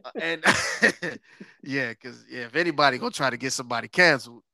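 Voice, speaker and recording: A man hosting a podcast in casual chat, sarcastic and quick to laugh, stretching words for emphasis. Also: mid-range voice, vocal fry, sharp tone, dry recording. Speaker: podcast host.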